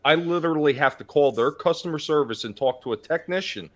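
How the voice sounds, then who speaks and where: A man's voice: fairly high pitch, fairly quick. A man hosting a casual livestream chat, blunt and joking, turning emphatic when he complains.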